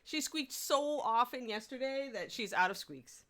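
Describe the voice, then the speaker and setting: A woman's voice: a little high, animated, unhurried, a bit bright. A woman hosting a casual livestream painting tutorial, chatting with viewers and her pet between tips. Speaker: miniature painting instructor and stream host.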